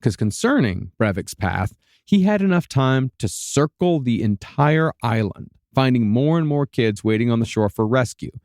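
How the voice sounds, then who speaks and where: A man hosts a podcast and tells the story in a steady, matter-of-fact narrating voice. His pitch sits in the middle of the male range. The studio sound is close and dry. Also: normal speed, dry recording. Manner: steady, matter-of-fact recounting with dark asides. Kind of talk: storytelling true-crime narration.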